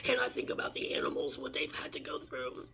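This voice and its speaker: Tearful, intense male preacher; high, bright voice, often whispering. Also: sing-song, quick pace, vocal fry. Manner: intense, condemning. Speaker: religious speaker. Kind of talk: emotional religious message.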